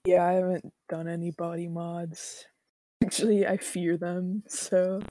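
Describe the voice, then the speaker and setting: A woman's voice: on the low side, little pitch movement, a little slow, mellow, dry recording. A woman in her twenties co-hosting a podcast in casual chat, rambling and self-deprecating, laughing often. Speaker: podcast co-host.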